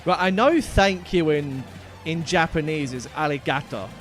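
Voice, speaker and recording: Chatty male game streamer, lively pitch. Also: unhurried, faint music behind. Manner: casual, chatty, trails off quietly. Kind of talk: live gaming stream commentary.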